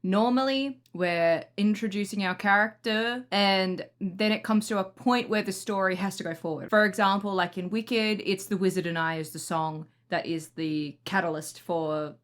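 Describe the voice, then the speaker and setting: An excitable woman, chatting casually as she reacts to music for a video. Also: medium pitch, moderate pace, hardly any pauses. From Australia. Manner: excitable and chatty, gushing enthusiastically.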